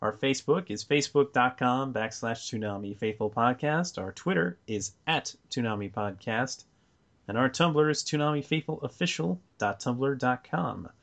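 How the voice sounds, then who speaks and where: A man's voice: mid-range voice, lively intonation, normal speed, a bit bright. A man hosting a podcast, casually reading out contact links and chatting with co-hosts. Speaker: podcast host.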